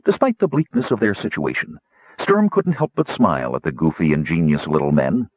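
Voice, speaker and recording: Man reading an audiobook, low husky voice, swoops around a lot, dull dry sound. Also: no room sound. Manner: measured, expressive storytelling. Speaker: audiobook narrator. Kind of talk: scripted narration.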